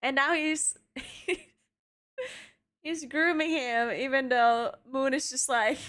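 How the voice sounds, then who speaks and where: A woman's voice: high-pitched, fairly even intonation, slow pace, pauses often. A young adult woman streaming casually, chatting with her viewers and cooing at her cats, laughing often. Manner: talks to pets in a soft cooing voice, laughs often.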